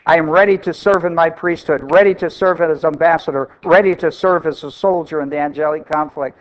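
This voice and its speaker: High-voiced man preaching a sermon. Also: steady tone, brisk, highs cut off. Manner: emphatic, repeats phrases for stress. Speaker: pastor.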